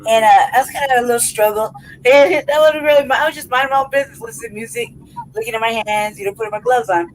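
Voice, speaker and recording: A podcast host with a fairly high voice talks fast, laughing her way through a rambling, profane story in casual chat and checking in often with "right?" and "you know what I mean?" The recording is low quality, with a little hiss or hum.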